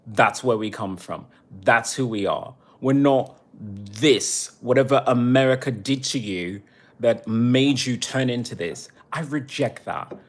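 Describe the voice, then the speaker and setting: A livestreamer with a mid-range voice delivers an angry, profane rant at an unhurried pace. When he reads the chat, he turns sarcastic.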